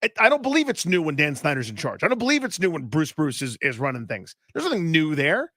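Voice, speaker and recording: A man co-hosting a sports radio show, firing off opinions and jokey asides at a fast clip. His voice is a bit high, and the sound is dry and close to the mic. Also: wildly swooping pitch, fairly bright tone, dry recording. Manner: fast, joking banter with quick asides.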